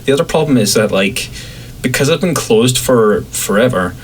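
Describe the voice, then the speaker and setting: A man from Scotland with a light Scottish accent, chatting casually as a podcast guest in a relaxed, rambling way. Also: normal speed, a little hiss or hum, low-quality recording. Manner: relaxed, rambling, acts out quotes in a higher voice.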